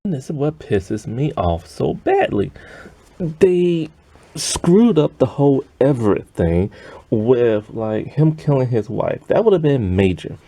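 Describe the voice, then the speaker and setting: A man's voice: mid-range voice, big pitch swings, measured pace, mellow, dry recording. A man ranting in an exasperated, rambling way about a TV episode, sighing often. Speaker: show reviewer. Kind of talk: ranting TV review.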